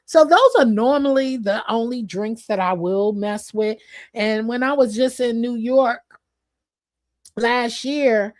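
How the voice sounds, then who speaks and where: A woman's voice: fairly high pitch, slow pace, dry recording. Chatty woman with a dry, close sound. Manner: expressive and chatty, laughs often, swears casually. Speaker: livestream host. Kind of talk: casual livestream chat to viewers.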